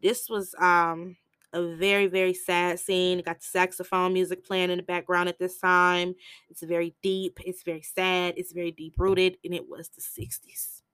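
Female podcast host with a lowish voice, chatty and animated, a relaxed recap with no room sound. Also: clear, resonant tone, no echo. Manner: chatty, animated retelling with quick asides. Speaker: podcast host reviewing a film. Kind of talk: casual film recap.

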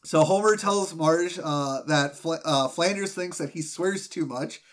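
A man hosting a podcast, recapping an episode in an enthusiastic, animated way. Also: a little high, unhurried. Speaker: podcast host. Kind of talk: casual chat recapping a cartoon episode.

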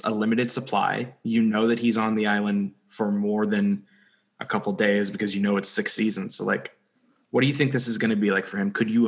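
A young man co-hosting a podcast, recapping a TV episode in a jokey, rambling way with lots of fillers. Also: lowish voice. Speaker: podcast co-host. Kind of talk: casual chat recapping a TV episode.

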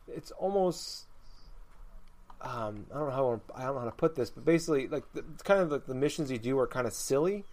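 A man's voice: medium pitch, a little mellow. A man in an easygoing conversation, his voice sitting right in the middle of the usual range. He circles around his point, stumbling over words and starting sentences again and again. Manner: rambling, many restarts while explaining. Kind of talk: casual chat.

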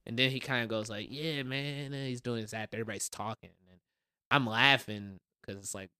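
A man's voice: fairly low pitch, steady tone, fast, sharp tone, clear, resonant tone. A man, a stand-up comedian, telling stories casually on a podcast, acting out voices and laughing often. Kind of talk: casual storytelling. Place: late-night podcast recording.

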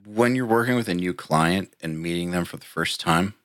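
Male interviewer, very deep voice, measured and agreeable, dry close sound. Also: a bit bright, no room sound. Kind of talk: casual interview talk.

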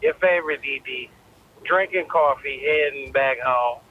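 A man's voice: medium pitch, unhurried. A man calling into a podcast from his car, chatting casually in a laid-back, profane, rambling way. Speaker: guest calling in. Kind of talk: casual phone chat. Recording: muffled phone call with faint noise.

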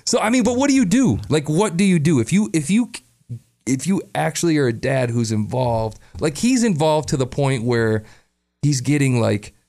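A man co-hosting a podcast, chatting casually. He tells a friend's story with lively quoted lines and laughs often. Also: a little high, normal speed. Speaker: podcast co-host. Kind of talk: casual chat.

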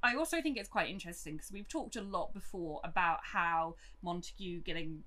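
A young woman with a bright, sharp-edged voice talks casually as a podcast co-host. She is chatty and agreeable and fills her sentences with easy fillers. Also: lowish voice, brisk, slight background noise. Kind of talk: casual book discussion.

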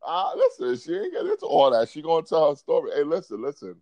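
A man hosting a casual podcast, animated and quick to laugh, his voice jumping high when he gets excited. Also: vocal fry, no echo. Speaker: podcast host.

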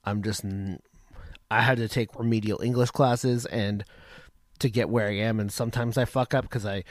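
A man hosting a radio show in a casual, rambling way, swearing freely and filling pauses with ums. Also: on the low side, fairly even intonation, dry recording, studio quality. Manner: rambling, profane, lots of ums. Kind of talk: casual talk-radio intro. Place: home radio setup.

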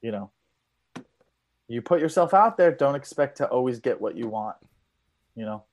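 A comedian guesting on a casual comedy podcast rambles through mock-serious advice, packed with fillers like "you know." His voice is medium-pitched and animated, at normal speed.

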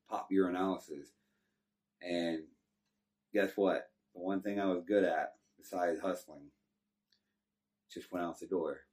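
A man's voice: low voice, darkish tone. A middle-aged man from Texas with a Texan accent, telling his life story in a laid-back, rambling way. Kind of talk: casual storytelling. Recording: distant from the mic.

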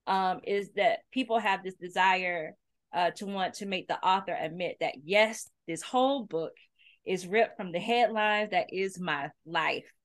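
A woman hosting a podcast, asking an author measured questions and affirming his points. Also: fairly low pitch, no echo. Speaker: podcast host. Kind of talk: interview questions.

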